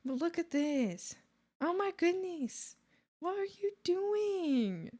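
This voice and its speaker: Young female streamer, unhurried and chatty, lively swoops in pitch, laughs easily. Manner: giggly, chatty, talks to viewers and animals on screen. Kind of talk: casual live-stream chat.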